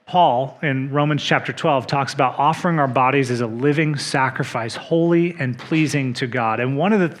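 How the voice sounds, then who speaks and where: A man preaching a sermon as pastor, measured and earnest, dropping to soft emphasis on key points. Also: medium pitch. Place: church.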